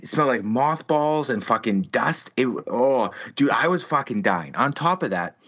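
A man in his thirties hosts a podcast, telling a story through casual chat packed with swearing and over-the-top ranting. His voice sits in the mid-range, expressive and a bit bright, at a normal speed. The audio is lo-fi and slightly muffled.

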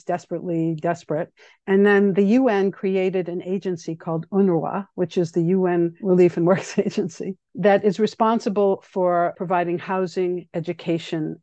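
An earnest woman tells her story in a radio interview, her voice mellow and slightly low. She speaks in a measured way, often pausing to think things through. The sound is dry and a little dull. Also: dry recording. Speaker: guest speaking about her activism. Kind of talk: reflective personal account on public radio.

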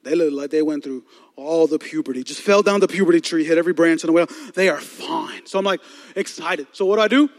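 A man's voice: fairly high pitch, quick pace, big-room sound. A young man from the Chicago area telling a personal story to a youth audience as a sermon, acting out voices and often repeating words. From Chicago area, United States. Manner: animated, acts out voices in his stories, stammers and repeats words.

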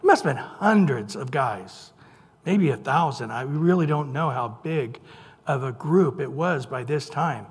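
A male pastor preaching a sermon in a conversational, joking way, reading scripture slowly and with emphasis. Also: medium pitch, animated, breathy edge. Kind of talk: sermon with humorous asides. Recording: long reverb in a large hall.

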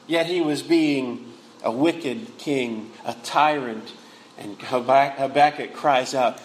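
A man preaching a sermon, earnestly rising to anguished cries and then dropping low and quiet. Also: lively intonation, slow pace, rough recording. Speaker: pastor.

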